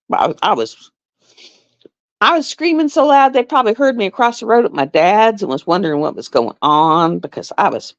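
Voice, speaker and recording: A woman telling stories on a live stream in a casual, animated way, laughing and acting out voices. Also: medium pitch, fairly quick, dry recording. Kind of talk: casual storytelling chat. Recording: dull lo-fi sound.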